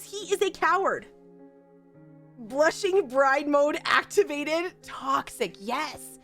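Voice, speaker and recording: A woman streamer chatting excitedly with her audience. She gushes, laughs often, and repeats herself. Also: high voice. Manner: gushing and animated, with frequent laughs and repetition. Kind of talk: excitable casual stream chat.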